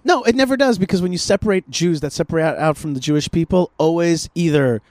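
A man hosting a casual podcast conversation, animated, often repeating himself and restarting his sentences. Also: a little high, fast talker. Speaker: podcast host. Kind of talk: casual political chat.

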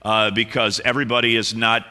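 A middle-aged male pastor opens with a prayer and then chats with his congregation in a loose, joking manner, stumbling over fillers. His voice is very bright and forward. A long reverb from the church hall trails every phrase. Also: on the low side, a little fast. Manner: relaxed, joking, with fillers and restarts. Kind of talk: sermon opening with prayer and chat. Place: church sanctuary.

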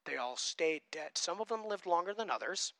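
A male pastor preaching with a high, bright, forceful voice. He is emphatic, moving between loud passages and hushed ones. The sound is dry and close. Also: animated, moderate pace, creaky, no room sound. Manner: emphatic, swings from loud to quiet. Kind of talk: sermon.

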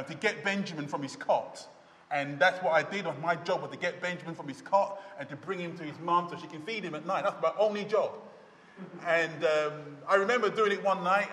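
A man's voice: fairly high pitch, pushed and bright. A pastor, a man, giving an emphatic storytelling wedding sermon in a church. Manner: storytelling, emphatic with slow stretched phrases. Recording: echoey church hall.

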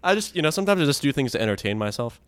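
A man's voice: big pitch swings, racing, clear, resonant tone, dry recording. A young man co-hosting a casual podcast, joking around with friends. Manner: joking, puts on a rumbly deep voice for laughs. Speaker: podcast co-host. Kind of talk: casual banter.

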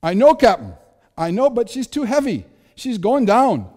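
A man voicing a frantic male ship engineer with a put-on accent, loud and pleading. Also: very high-pitched, big pitch swings, moderate pace, big-room sound, pitched above the performer's own voice, full character voice.

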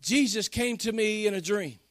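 A man's voice: high voice, moderate pace, no echo, studio quality. A man preaching a sermon with fervor, calling out to the congregation and telling stories in a folksy way. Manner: fervent, Southern-tinged folksy preaching with call-outs to the congregation.

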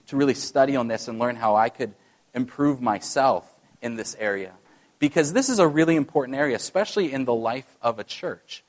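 A man preaching a sermon as pastor, talking conversationally and addressing the congregation directly, with some self-deprecating remarks. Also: medium pitch.

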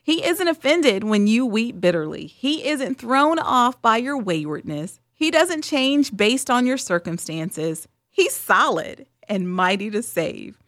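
A woman's voice: on the high side, very animated, unhurried, few pauses, a bit bright, dry recording, clean studio sound. A woman hosting a spoken devotional, talking in an earnest, candid, conversational way. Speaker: devotional host.

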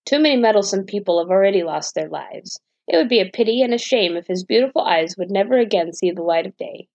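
A worried innkeeper's wife, voiced by a woman reading a storybook who speaks in a low hush. She sounds like she is warning someone. The recording is dull and dry. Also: expressive, fast, creaky, no echo. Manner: hushed, warning.

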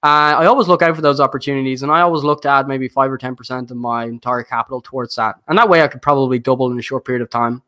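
A man's voice: medium pitch, steady tone, racing, few pauses, pushed and bright. A man with a noticeable accent, a guest investor talking casually on a podcast in a rambling way, with many fillers and restarts. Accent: non-standard accent, noticed by viewers.

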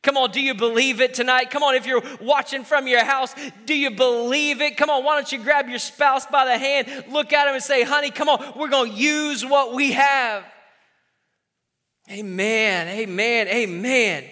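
Male pastor, thirties, high bright voice, animated sermon delivery, long hall reverb. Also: moderate pace, hardly any pauses. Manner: exhorting, call-and-response, acts out quoted voices.

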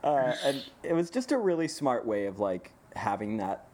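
Guy on a podcast telling a story, keeps cracking up, swears a lot, mid-pitched voice. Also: moderate pace, slight background noise. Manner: animated storytelling, laughs often, swears freely. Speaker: podcast co-host. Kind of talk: casual chat.

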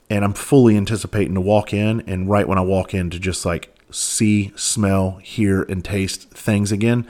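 A man hosting a podcast, telling stories in a candid, earnest way and swearing freely. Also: deep voice. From Southern United States. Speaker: podcast host. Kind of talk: casual storytelling monologue.

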